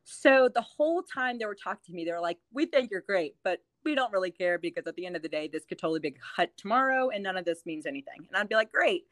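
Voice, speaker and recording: Fast and expressive, barely pausing, her mid-range voice comes through without echo. The New Orleans real estate agent turned TV host rattles off stories in a laid-back chat, giggling and leaning on fillers.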